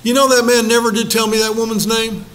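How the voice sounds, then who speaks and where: A man's voice: very high-pitched, fairly even intonation, quick pace, fairly bright tone. An older man leading a Bible study in a folksy, storytelling way, joking with the group and acting out quotes. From Los Angeles.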